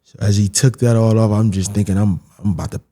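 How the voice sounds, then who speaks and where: A young man, a podcast guest, telling a story in a casual, animated way, leaning on "I'm like" and repeating himself as he talks. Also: fairly low pitch, fast. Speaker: podcast guest, former pro boxer.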